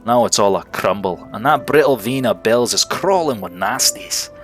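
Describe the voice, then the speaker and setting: A man's voice: lowish voice, animated, normal speed, natural voice. A folksy old bug innkeeper from a video game, chatty and rustic, saying aye and ain't as a man reads him aloud. His voice rises and falls a lot. Faint game music plays underneath.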